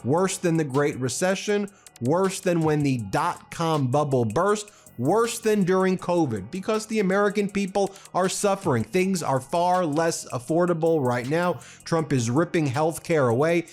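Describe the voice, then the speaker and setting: Male political commentator, indignant and impassioned, faint music behind. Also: fairly high pitch.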